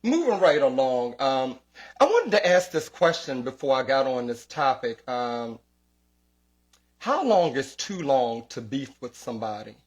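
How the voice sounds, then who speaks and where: Animated, profane podcast host, man. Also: medium pitch, measured pace. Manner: profane, animated storytelling with quoted voices. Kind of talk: casual comedic podcast rant.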